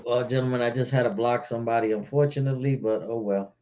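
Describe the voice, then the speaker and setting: A man in a casual talk show chat, relaxed, giving short agreeing replies. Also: medium pitch, quick pace, highs cut off.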